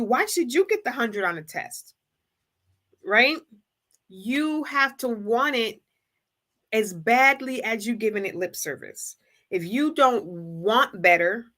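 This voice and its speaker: A woman hosting a livestream, giving a preachy motivational talk and acting out imagined people in quick asides. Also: on the high side, bright, forceful tone. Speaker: livestream host. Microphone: streaming setup.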